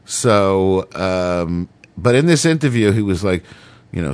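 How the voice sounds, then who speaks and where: A man's voice: low-pitched, animated, measured pace, darkish tone, smooth. A middle-aged man telling a long personal story in a rambling, profane way, full of fillers. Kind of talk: casual monologue.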